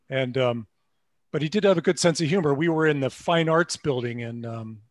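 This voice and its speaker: A man's voice: mid-range voice, moderate pace, no room sound. Man, hesitant, lots of ums, video call, dry sound. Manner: hesitant, many ums, storytelling. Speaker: musician guest. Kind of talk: casual video call chat.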